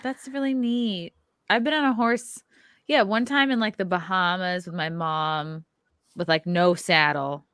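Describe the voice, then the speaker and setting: A woman's voice: lowish voice, measured pace, fairly bright tone, clear, resonant tone, no room sound, clean studio sound. A woman hosting a casual group podcast, playful, reading chat messages aloud. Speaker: podcast host.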